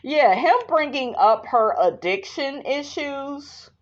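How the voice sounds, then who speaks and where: A woman hosting a podcast, sassy and unhurried, her voice swooping high and low. She reads out viewer comments in casual commentary and drops "honey" into her lines. The sound is dull and lo-fi, like a home recording. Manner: sassy, animated, calls listeners honey. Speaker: podcast host.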